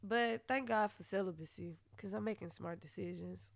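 A woman hosting a podcast, telling a personal story in a blunt, profane way that swings into loud, heated retellings. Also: medium pitch, moderate pace, creaky, no room sound. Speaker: podcast host. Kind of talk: candid storytelling monologue.

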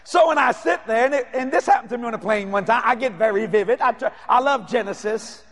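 A man preaching a sermon, telling stories in an animated, playful way and often shouting. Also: very high-pitched, quick pace. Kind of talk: sermon with storytelling.

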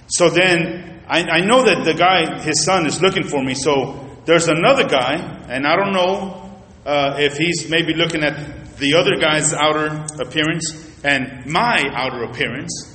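A man preaching a sermon, telling a personal story in an animated way and talking straight to the congregation. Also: fairly high pitch, measured pace. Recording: reverberant hall.

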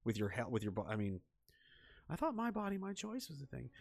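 A man's voice: medium pitch, huge pitch swings, fairly quick, gravelly, no echo, faint music behind. A middle-aged man giving ranting, sarcastic political commentary on a livestream and reading out chat messages, with lots of profanity and scorn.

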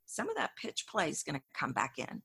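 A woman's voice: low-pitched, wildly swooping pitch, fairly quick, vocal fry, sharp tone, husky, no room sound. A woman speaking as a guest coach in an interview, earnest and encouraging, sometimes repeating words as she gathers her thoughts. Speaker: voice and communication coach. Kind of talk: conversational interview.

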